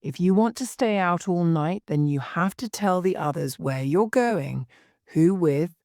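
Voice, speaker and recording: An anxious but steady young woman explains the situation earnestly, voiced by a woman narrator. Her voice is low and slow, with a warm, relaxed sound. The recording is dry. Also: no echo.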